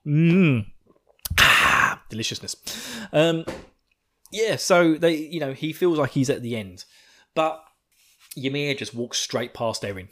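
A man's voice: fairly high pitch, animated, takes it slowly, pauses often, pushed and bright. A man hosting a podcast, recapping an episode in a rambling, giggly way full of swearing, buzzing on coffee. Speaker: podcast host.

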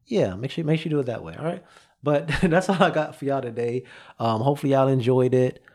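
A man talks fast and expressively on his own podcast, his medium-pitched voice a bit mellow. Into a studio mic, he gives listeners a rambling, repetitive pep talk, a little breathless.

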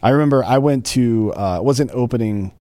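A man's voice: medium pitch, brisk, dark tone, no room sound, clean studio sound. A man co-hosting a podcast, talking bluntly in casual banter and swearing heavily as he rants. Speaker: podcast co-host.

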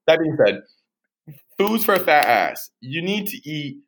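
A man's voice: on the high side, big pitch swings, a little slow, a bit bright, slight background noise, rough recording. A young man as a podcast guest in casual chat, laid-back, laughing a lot and swearing casually.

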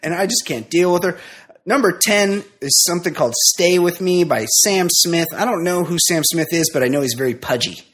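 Sarcastic middle-aged man, quick asides. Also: high voice, a bit bright, breathy edge. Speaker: podcast co-host. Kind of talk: casual chat.

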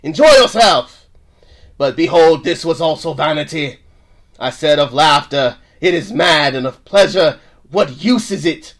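A man voicing a weary old King Solomon in a put-on British accent, reading in a solemn, measured way. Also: a little high, lively intonation, a bit bright, exaggerated voice.

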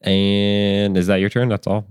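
A man with a low, unhurried voice runs a tabletop game as dungeon master. He rambles along with plenty of ums and chuckles. The sound is dry and close. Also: monotone, a little mellow, clean tone, no room sound. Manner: rambling, many ums, laughs at himself. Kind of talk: running a tabletop game, casual.

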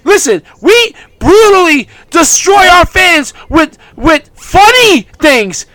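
A man co-hosting a casual podcast, ranting heatedly with bursts of shouting. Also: extremely high pitch, very animated, slow pace, no echo. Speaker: podcast co-host.

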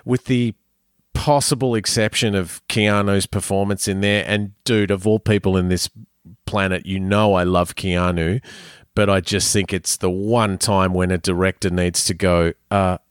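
Young guy cohosting a podcast, jokey and slangy, lowish voice, dry close sound. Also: normal speed, clean tone, dry recording. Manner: animated, jokey, slangy banter. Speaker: podcast co-host. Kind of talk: casual chat.

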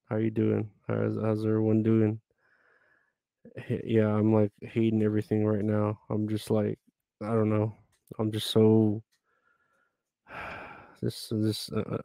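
Tired, irritable man, low gravelly voice. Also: completely flat delivery, takes it slowly, pauses often, dark tone, no room sound, clean studio sound. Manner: irritable, rambling, swears a lot. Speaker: live streamer. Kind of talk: casual live stream chat.

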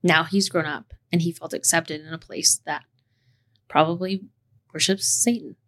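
Woman podcast host, gravelly voice, impassioned, heated, cusses. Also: low-pitched, fairly even intonation, moderate pace. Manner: passionate, impassioned rant with cussing.

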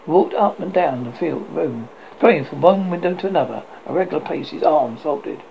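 A man narrating a classic story aloud in a steady reading voice, with occasional small slips. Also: on the high side, normal speed, vocal fry. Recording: slightly dull, faint hiss.

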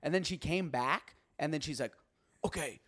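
A young man, a comedian guest, telling a story in casual podcast chat, with many stammered restarts and big jumps in pitch when he quotes himself. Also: moderate pace, a bit bright, no echo, clean studio sound.

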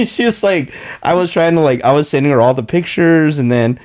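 A laid-back young man hosts a podcast in easy casual chat, swearing freely and laughing a lot. His voice sits at an ordinary middle pitch for a man. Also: animated, fairly quick, few pauses, darkish tone. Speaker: podcast host.

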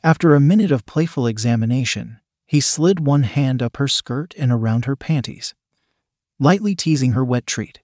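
A man narrating an adult story in an even, steady reading voice. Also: medium pitch, moderate pace, dry recording, clean studio sound.

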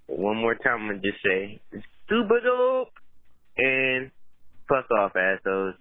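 A man's voice: fairly low pitch, moderate pace. A young man leaving a brash, profane, teasing voicemail for a podcast as a caller. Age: young adult. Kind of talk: casual voicemail message. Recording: tinny phone voicemail.

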